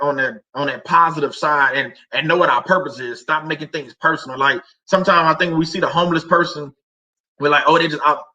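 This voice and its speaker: A man's voice: a little high, pushed and bright, rough recording. A middle-aged man hosting a casual faith talk stream, rambling and conversational with many fillers and restarts. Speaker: livestream host.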